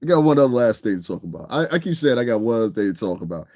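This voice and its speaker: A man's voice: mid-range voice, very animated, fast talker, few pauses, darkish tone, no room sound, clean studio sound. A man with a New York accent giving blunt, profane livestream commentary, often tagging lines with "you understand what I'm saying". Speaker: online commentator.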